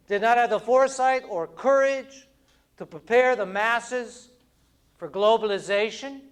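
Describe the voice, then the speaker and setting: A grave, soft-spoken male diplomat, as a man imitates him, weighing each slow, deliberate phrase. The voice sits fairly high for a man. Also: clean tone.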